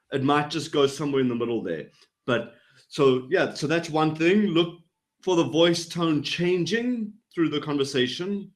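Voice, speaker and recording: A man with a slightly high voice explains how to read people, bouncing his pitch up and down to show what he means. He talks over a video call. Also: normal speed. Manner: animated, demonstrates vocal inflection up and down. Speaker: body language trainer. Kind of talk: explanatory interview talk.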